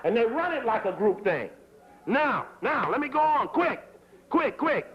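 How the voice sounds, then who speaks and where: A man giving a fiery political lecture in a hurried, emphatic, profane way, repeating his phrases. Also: extremely high pitch, very animated. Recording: dull lo-fi tape recording.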